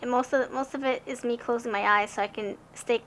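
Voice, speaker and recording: A bright, higher-pitched young woman talks through a tarot reading in a loose, rambling way. She often stumbles and restarts words, and her voice is clear and forward. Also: steady tone, brisk. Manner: chatty, rambling, stammers and restarts. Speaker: tarot card reader. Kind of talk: casual tarot reading to camera.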